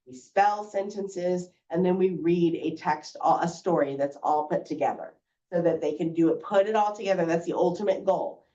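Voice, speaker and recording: A woman teacher explaining reading lessons to parents in a clear, patient way. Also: lowish voice, warm tone. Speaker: first grade teacher. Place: school room presenting to parents. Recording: roomy, distant, dull sound.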